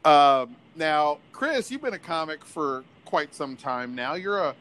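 A man's voice: fairly high pitch, sing-song, measured pace, fairly bright tone, slight background noise. A man hosting a podcast in casual, profane, joking chat. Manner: profane, joking, laughs often. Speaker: podcast host.

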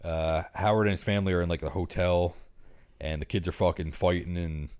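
Male podcast co-host, low voice, rambling, swears a lot. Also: steady tone, fairly quick, a little mellow, no echo, studio quality. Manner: rambling, swears freely, laughs often. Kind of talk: casual movie review chat.

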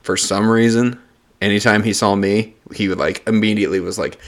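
A young man chatting casually, blunt and deadpan, swearing freely as he tells work stories. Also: lowish voice, brisk. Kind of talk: casual chat.

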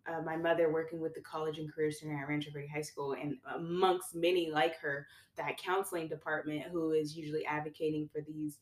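A young woman with a notably low voice, talking casually as a podcast guest. She tells stories with animation and jumps her voice way up when she acts out what others said. The room around her rings with echo. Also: brisk, hardly any pauses. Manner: animated storyteller, acts out quotes with pitch jumps. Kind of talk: casual conversation. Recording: echoey room.

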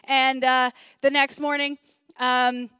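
A woman in her forties giving a sermon built around a personal story, chatty, often laughing and quick with asides. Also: high-pitched, little pitch movement, sharp tone, clear, resonant tone, dry recording, clean studio sound. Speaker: pastor.

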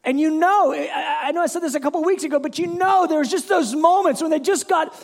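A man pastor preaching a sermon in an animated storytelling way, bursting into shouts. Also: very high-pitched, a little fast, vocal fry.

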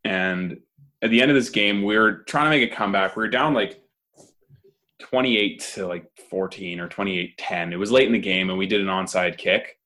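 Young guy with a lowish voice, laid-back storyteller. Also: normal speed, bright, forceful tone. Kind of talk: casual storytelling chat.

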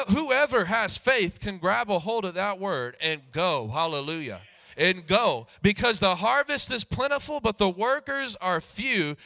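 A high, bright male pastor delivers a sermon, often swelling into shouted calls and hallelujahs. His voice is close and dry with no room sound. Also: no echo. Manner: preaches with rising shouts and repeated hallelujahs.

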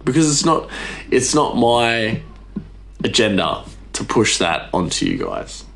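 A man's voice: on the low side, wildly swooping pitch, unhurried, creaky, a bit bright. A man hosting a podcast, ranting casually in a rambling, exasperated way, his voice jumping up for emphasis. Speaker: podcast host. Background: faint music.

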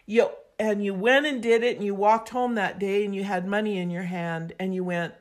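A woman guest on a podcast, telling an animated, emphatic story and acting out voices as she goes. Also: medium pitch, normal speed, few pauses. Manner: acts out quoted voices, expressive and emphatic.

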